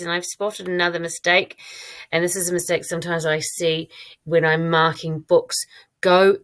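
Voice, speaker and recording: A woman teacher giving a recorded online lesson, modelling her own writing aloud in a clear, encouraging way. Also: deep voice, level tone, unhurried. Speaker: primary school teacher.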